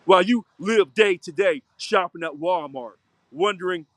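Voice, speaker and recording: A man speaks in a high, dry voice, very close to the mic, in an unscripted video monologue. He preaches with fire and repeats himself, leaning on the same phrases over and over. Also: normal speed, fairly bright tone, dry recording. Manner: preachy, fiery, repetitive. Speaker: local union president.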